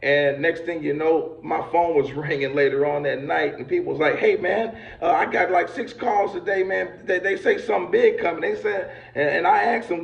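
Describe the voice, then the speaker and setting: A man giving a fiery motivational speech on a video call, building to shouts with preacher-like fervor. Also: fairly high pitch, moderate pace, vocal fry, few pauses. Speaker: motivational speaker. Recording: echoey, dull lo-fi video call audio.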